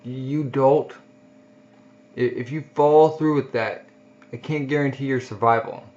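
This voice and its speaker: A man voicing a stern, exasperated older army doctor, speaking slowly on a dull lo-fi recording. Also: mid-range voice, steady tone, darkish tone, natural voice.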